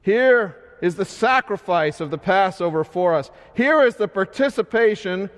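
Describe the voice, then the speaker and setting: A man preaching a sermon in a slow, measured way, his voice swelling loud and then sinking soft. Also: high-pitched, animated. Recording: long hall reverb.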